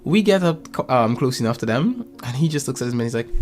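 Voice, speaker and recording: Faint music plays behind this man's quick, mid-range voice. Appearing as a podcast guest, he tells stories in a relaxed conversation, animatedly performing the quoted voices himself.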